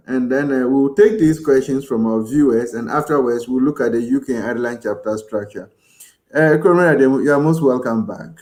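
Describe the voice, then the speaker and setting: A man's voice: medium pitch, a little mellow. A man hosting a live show, chatty and effusive, reading out viewer comments and thanking them. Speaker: host.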